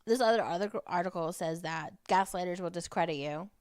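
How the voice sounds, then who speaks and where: A woman's voice: on the low side, brisk, a little mellow, no echo. A woman co-hosting a podcast in casual chat, reading bits from articles aloud and laughing easily. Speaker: podcast co-host.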